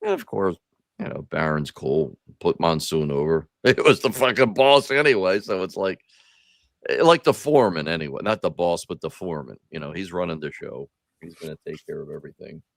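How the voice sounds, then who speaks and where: Male podcast host, low and animated, dry close sound, profane nostalgic rambler. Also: a little fast, creaky, dry recording. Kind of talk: casual chat.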